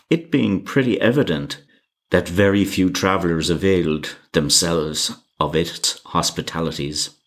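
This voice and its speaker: A man narrating an old travel story in a measured, formal reading. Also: deep voice.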